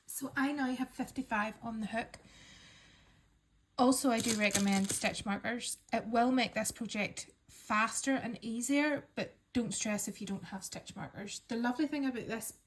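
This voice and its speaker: A woman calmly talking learners through a crochet pattern step by step, counting stitches aloud and reassuring them. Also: fairly high pitch, normal speed, slight background noise. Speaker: crochet instructor. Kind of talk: step-by-step craft tutorial.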